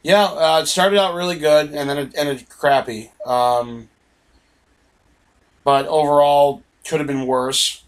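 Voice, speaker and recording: A man in casual chat, talking in a relaxed, hesitant way with lots of fillers. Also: a little high, slow pace, rough recording.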